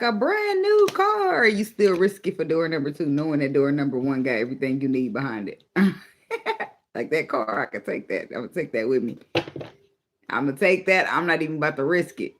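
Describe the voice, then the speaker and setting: A man's voice: on the high side, fast. Blunt, teasing man reading tarot cards. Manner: blunt, profane, teasing, laughs often. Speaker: tarot reader. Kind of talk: casual spoken tarot reading.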